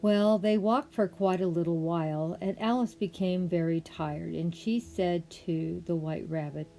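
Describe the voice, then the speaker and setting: Older grandma reading a story aloud, slow, warm dark voice. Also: female voice, lowish voice, steady tone, vocal fry, soft background music. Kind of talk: storybook narration.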